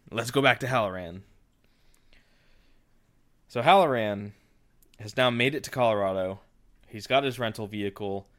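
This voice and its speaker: Low, smooth-voiced man recapping a story. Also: fairly bright tone. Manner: rambling, with frequent fillers and restarts. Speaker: podcast host.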